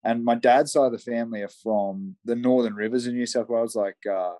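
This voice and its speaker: A young man from Southeast Queensland, Australia, speaks with an Australian accent as a guest on a remote call from his backyard shed. He rambles in a friendly, casual way with many fillers, talking fairly quickly at a medium pitch with fairly even intonation. His tone is warm, and there is no room sound.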